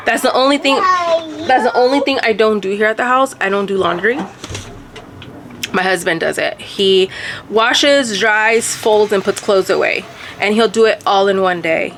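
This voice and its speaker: A woman's voice: medium pitch, a bit bright, slight background noise. Chatty woman vlogging at home. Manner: chatty, swears casually, laughs often. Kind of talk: casual home vlog chat.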